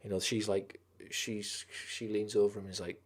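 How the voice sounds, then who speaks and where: A man's voice: lowish voice, level tone, normal speed. A man streaming live, chatting casually about films, with lots of swearing and rambling enthusiasm.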